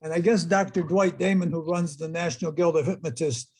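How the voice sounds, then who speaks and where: A middle-aged man with a husky, slightly breathy voice that sits a little high for a man. He recounts his experiences as a hypnotist to an online audience, slipping into the voices of the people he quotes. It sounds like he's talking into a computer mic on a video call. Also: a little fast, rough recording. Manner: animated storyteller who acts out quoted voices. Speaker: hypnotist giving an online talk. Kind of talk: storytelling presentation to a live online audience.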